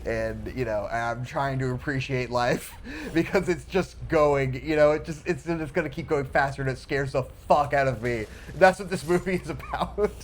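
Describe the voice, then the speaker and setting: A man's voice: mid-range voice, moderate pace, slight background noise. A man with a mid-range voice co-hosting a podcast in casual conversation. He muses anxiously and reflectively, with swearing and little laughs between thoughts, over a faint layer of room ambience. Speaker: podcast co-host. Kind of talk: casual movie chat.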